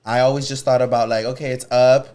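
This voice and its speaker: A man's voice: medium pitch, level tone, fast, a little mellow, smooth. A man co-hosting a podcast in casual chat, talking expressively, swearing and laughing often. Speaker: podcast co-host.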